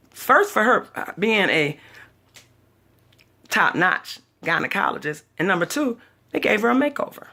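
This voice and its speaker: A woman's voice: medium pitch, big pitch swings, a little slow, pauses often, bright, forceful tone. A chatty older woman vlogging, telling a personal story dramatically and acting out the other people's voices. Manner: dramatic, chatty, acts out voices in her stories. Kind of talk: casual storytelling vlog.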